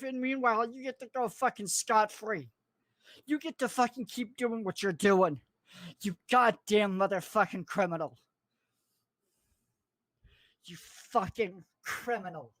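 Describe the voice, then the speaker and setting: A man in a furious, profanity-laden livestream rant, cursing, threatening and mocking people in a squeaky put-on voice. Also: a bit bright, no echo. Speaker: online commentator.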